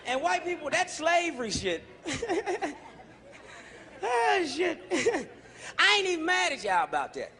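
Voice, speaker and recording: A male stand-up comedian on stage, profane and animated, shouting his punchlines. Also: extremely high pitch, slow pace, pauses often, slight background noise. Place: comedy stage before a live audience. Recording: live show with loud crowd laughter.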